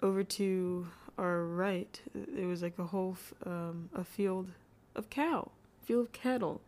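Female co-host, lower pitch, loose giggly storytelling with lots of filler. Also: a little slow, darkish tone. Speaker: podcast co-host. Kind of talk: casual chat.

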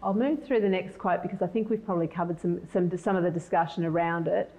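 A middle-aged woman giving a conference presentation in a measured, thoughtful way, often restarting her sentences. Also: on the low side, steady tone, a little mellow, poor audio. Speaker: conference speaker.

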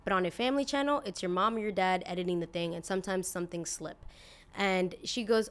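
A podcast host in her twenties speaks fast in a fairly low, slightly bright voice during a casual opinion monologue. She's blunt and indignant, leans heavily on "like," and drops the odd swear.

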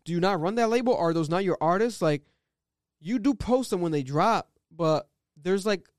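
Animated man in casual podcast chat; high, smooth, dry close sound. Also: dry recording. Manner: animated, laughs often, quick rambling asides.

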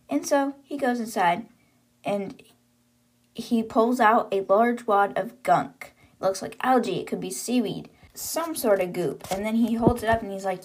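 A woman hosting a book podcast, retelling chapters in a loose, conversational way. She laughs often and drops sarcastic asides. Her voice sits at an ordinary middle pitch. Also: moderate pace. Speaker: podcast host. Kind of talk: casual book recap.

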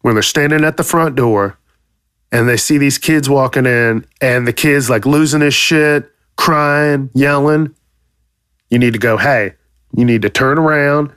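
A man hosting a podcast, delivering a profane comedic rant with loud, exaggerated outrage and plenty of swearing. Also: medium pitch, unhurried, smooth, dry recording, studio quality. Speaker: podcast host.

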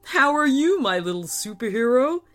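A woman voicing a gentle, loving father of a young girl, speaking softly with a fond, teasing manner. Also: high voice, big pitch swings, moderate pace, soft background music, pitched above the performer's own voice.

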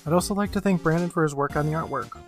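Podcast guy recapping a tv episode, chatty and upbeat, kinda high voice. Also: music in the background. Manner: upbeat, rapid scripted announcements, then a loose plot recap. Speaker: podcast co-host.

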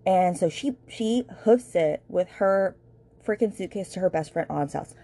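Low, gravelly-voiced woman chatting casually. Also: expressive, normal speed, mellow, dry recording. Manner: chatty and gossipy, heavy filler words, addresses listeners directly. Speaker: podcast host reviewing books. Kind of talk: casual book recap.

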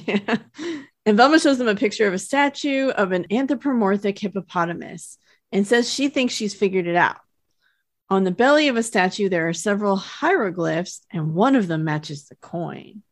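A woman's voice: normal speed, no room sound. A woman casually recapping a cartoon episode for a podcast, telling the plot steadily with dry humor. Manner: steady storytelling recap, dry humor, lifts her pitch for quoted characters. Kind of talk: casual chat.

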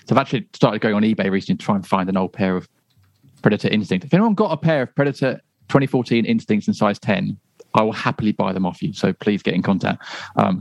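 Rambling, chuckling podcast host. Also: male voice, fairly low pitch, no echo, lo-fi sound. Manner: rambling, self-correcting, chuckling. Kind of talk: casual podcast chat.

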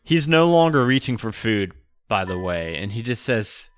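A man's voice: fairly low pitch, sing-song, normal speed. A young man narrating as game master of a tabletop game, casual and full of filler words.

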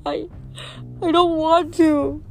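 A woman voicing a young male satyr who pleads in a high, trembling voice. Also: lively intonation, slow, darkish tone, soft background music. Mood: pleading.

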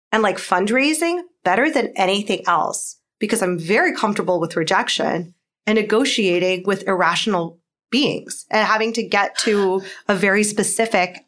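A woman in her thirties, an entrepreneur in pharma and a mother, chats casually as an interview guest, laughing often and saying "like" a lot. Her mid-range voice is expressive and a bit bright, at a moderate pace.

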